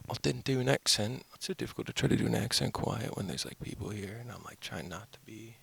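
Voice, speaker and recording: A man's voice: lowish voice, fast, vocal fry, a bit bright, husky. A young man rambling in a goofy, upbeat way as he hosts his own vlog, recorded outdoors by the water. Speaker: channel host. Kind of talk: casual vlog chat.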